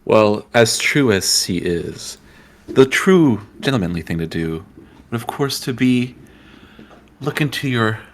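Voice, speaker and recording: A man playing a smooth, seductive dating-show suitor who murmurs in a drawn-out way. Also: mid-range voice, lively intonation. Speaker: contestant. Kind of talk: comedic improvised dating game.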